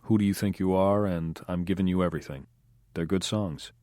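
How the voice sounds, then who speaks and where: Male narrator as cool ex-crook, laconic, deep dry voice. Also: no room sound, close to an everyday voice. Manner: calm, laconic, unhurried. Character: cool, street-smart former gangster man. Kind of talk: audiobook dialogue.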